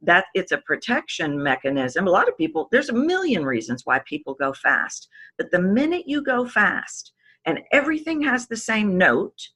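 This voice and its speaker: A woman vocal coach talking as a podcast guest, animated and emphatic, acting out the voices she describes. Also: mid-range voice, moderate pace, slightly rough. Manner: animated, acts out voices to demonstrate; emphatic, drops volume to make a point. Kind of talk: podcast interview.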